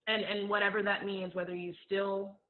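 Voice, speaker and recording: A woman's voice: mid-range voice, level tone, normal speed, a little hiss or hum. Woman, podcast guest, casual chat, short agreeing replies, tinny phone-like sound. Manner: brief agreeing replies, laughing easily. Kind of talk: casual conversation.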